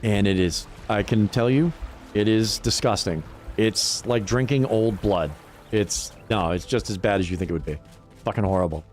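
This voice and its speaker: A man's voice: lowish voice, moderate pace, a little mellow, faint music behind. A middle-aged man chatting casually on a livestream, rambling and swearing, laughing often. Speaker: livestream gamer. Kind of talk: casual chat to stream chat.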